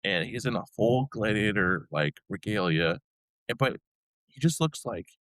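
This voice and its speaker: A man's voice: lowish voice, lively intonation, moderate pace, a bit bright, no room sound. A young man chatting as a podcast guest, rambling with lots of filler words. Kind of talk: casual chat.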